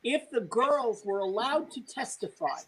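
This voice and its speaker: A woman's voice: a little high, big pitch swings, a little slow, slightly rough, rough recording. Emphatic American woman hosting. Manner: bossy, teasing, emphatic. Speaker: host. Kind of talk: casual chat.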